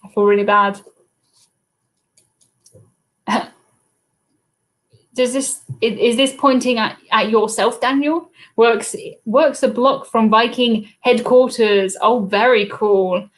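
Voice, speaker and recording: A woman's voice: on the high side, fairly even intonation, slow pace, long pauses. A British woman hosting a live cruise trivia stream in a chatty, casual way, reading out viewers' comments and answering them into a laptop webcam mic.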